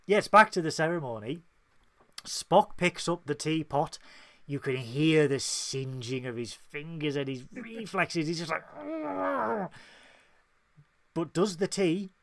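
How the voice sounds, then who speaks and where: Guy chatting on a podcast, kinda high voice, swears a lot and does the characters' voices. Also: takes it slowly. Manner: animated, acts out character lines, swears freely. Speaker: podcast co-host. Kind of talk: casual review chat.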